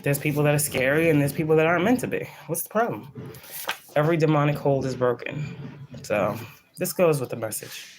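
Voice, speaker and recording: A woman doing a casual channeled spiritual reading talks in a low-pitched, expressive voice, fairly quickly, with background noise present. As a psychic reader she's blunt, profane, rambling and preachy, and leans on repeated phrases for emphasis.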